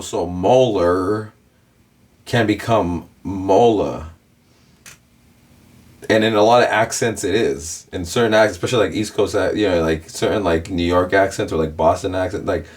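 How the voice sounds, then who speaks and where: A young man hosting a reaction video, breaking down rap wordplay in a rambling, casual way full of "like" and "bro". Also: lowish voice. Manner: rambling, repeats himself, says "bro" and "like" a lot. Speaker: reaction channel host.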